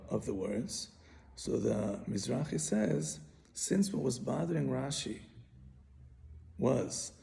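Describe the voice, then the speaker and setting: Gravelly-voiced man teaching a text. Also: mid-range voice, dark tone. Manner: patient, repeats and restarts phrases while explaining. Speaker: Torah teacher. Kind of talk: explaining a Bible commentary.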